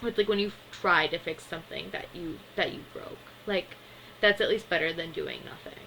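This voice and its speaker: A woman's voice: lowish voice, normal speed, sharp tone, a little hiss or hum, low-quality recording. A young adult woman giving a casual, chatty recap of a cartoon episode, full of fillers and small laughs.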